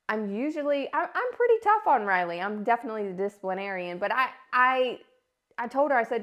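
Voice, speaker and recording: Brief: woman in her thirties, podcast host, casual animated storytelling, slightly high voice. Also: fairly quick. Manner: animated, acts out quoted voices.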